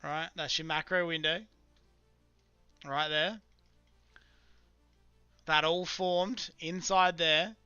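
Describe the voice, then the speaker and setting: A man's voice: on the high side, fairly even intonation, takes it slowly, pauses often, pushed and bright, smooth, no echo, lo-fi sound, faint music behind. A man chatting casually through a live trading stream, muttering to himself about his charts. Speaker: live-streaming futures trader.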